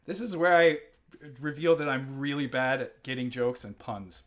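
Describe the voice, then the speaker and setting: A man from Germany hosts a live gameplay stream in casual chat. He rambles, reads out the chat and laughs easily, with a middling pitch. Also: normal speed.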